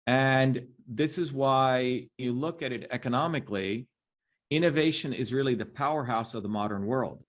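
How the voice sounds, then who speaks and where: A middle-aged man as an interview guest, talking emphatically and combatively, often tagging on "right?". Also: medium pitch. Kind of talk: impassioned interview talk.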